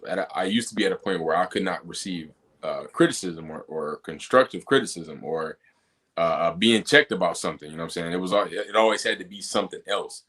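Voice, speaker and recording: A man's voice: sits low, a bit bright. A man co-hosting a podcast, telling stories in a loose, rambling, laid-back way. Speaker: podcast co-host. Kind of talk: casual chat.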